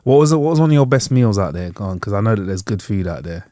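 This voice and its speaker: A man's voice: lowish voice, animated, fast talker, warm tone, no room sound, studio quality. A young man, co-hosting a casual podcast in a laid-back way, prompting his friend with questions. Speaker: podcast co-host. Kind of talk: casual chat.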